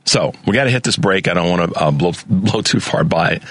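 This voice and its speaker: A man's voice: sits low, fairly quick, no room sound. A man hosting a call-in radio talk show, laid-back, laughing easily and restarting his sentences.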